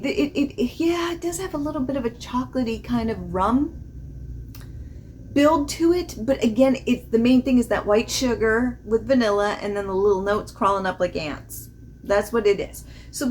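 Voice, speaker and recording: Chatty woman fragrance vlogger, mid pitch, rambling and quick to laugh, faint room noise. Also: a little mellow. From not from the American South. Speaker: fragrance reviewer. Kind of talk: casual review vlog.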